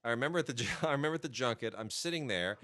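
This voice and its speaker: A middle-aged man, a film critic, co-hosting a podcast and telling lively anecdotes in casual chat. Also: mid-range voice, racing. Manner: lively anecdotal storytelling with laughs and mimicry.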